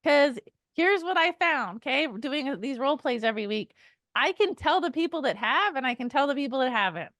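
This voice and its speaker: High-voiced energetic woman sales coach. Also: normal speed, dry recording. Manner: energetic, emphatic, acts out call lines. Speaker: sales trainer.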